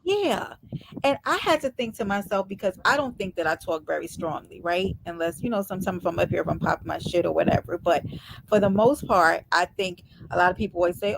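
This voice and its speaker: A middle-aged woman hosting a casual live stream chat, calm and soft-spoken, greeting viewers one by one. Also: lowish voice, fairly quick, gravelly, slight background noise.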